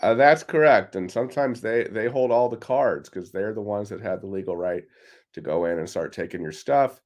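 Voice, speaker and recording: A man as an expert guest on a talk show, answering in a steady, explanatory way over a laptop microphone. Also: lowish voice, moderate pace. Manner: steady, explanatory, a few fillers. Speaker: tax relief expert guest. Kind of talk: interview answers. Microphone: laptop microphone on a remote call.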